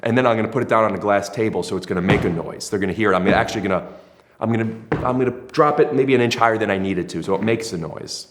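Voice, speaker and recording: A man's voice: fairly low pitch, quick pace, slight background noise. A man hosting a podcast in casual chat, rambling and self-mocking, with lots of hesitant fillers. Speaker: podcast host.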